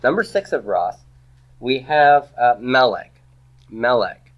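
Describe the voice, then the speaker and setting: A man's voice: mid-range voice, big pitch swings, takes it slowly, muffled recording. A man teaching a classroom grammar lecture, quizzing his students with rhetorical questions and dropping playful asides.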